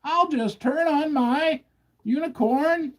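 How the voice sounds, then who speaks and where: A man's voice: very high-pitched, slow pace, voice pushed up. A man voicing a cheery, overconfident male central banker who promises to save the day. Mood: breezy.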